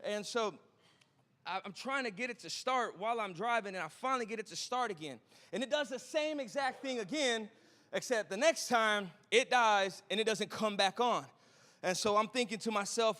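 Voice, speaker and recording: Male pastor, high tenor, joking storyteller, long hall echo. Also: a bit bright. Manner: chatty and joking, quick asides to the crowd. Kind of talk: sermon with a storytelling opening. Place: church auditorium.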